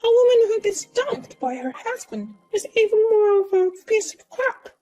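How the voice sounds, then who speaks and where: A woman's voice: extremely high pitch, very animated, normal speed, mellow, voice pushed up, low-quality recording. A woman voicing a smug, boastful young woman who taunts and mocks in a sing-song way. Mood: smug taunting. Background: faint music.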